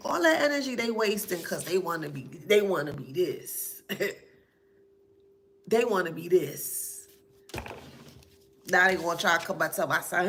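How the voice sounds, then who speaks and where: A woman giving a casual spiritual reading, laughing often and reacting with drawn-out disbelief. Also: on the high side, gravelly, a little hiss or hum.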